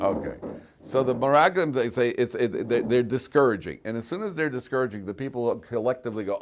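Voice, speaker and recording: Rabbi teaching an animated classroom lesson. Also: male voice, mid-range voice, a little fast. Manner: animated, acts out voices of people in the story; breaks off to address students directly. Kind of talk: classroom Torah lecture.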